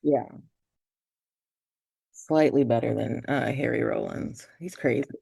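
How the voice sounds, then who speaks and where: A woman's voice: rumbling low, slow pace, creaky, warm tone, slightly rough, dry recording. A woman filmmaker chatting as a podcast guest, rambling with lots of fillers and trailing thoughts. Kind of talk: casual podcast chat. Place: remote from the hosts, in New York.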